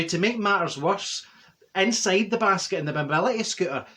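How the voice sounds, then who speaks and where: A man's voice: a little high, a bit bright. A man playing a chatty Glaswegian auntie. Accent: Glaswegian Scottish. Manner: rambling, laughs at own jokes, confiding asides. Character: chatty older Glasgow woman, gossiping storyteller. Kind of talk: comic character monologue.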